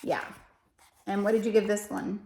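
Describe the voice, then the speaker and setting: Chatty woman with a gravelly edge. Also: medium pitch, flat delivery, moderate pace, darkish tone, slight background noise. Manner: chatty and rambling, corrects herself often; emotional, self-deprecating. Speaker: homeschooling parent reviewing books. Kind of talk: casual chat.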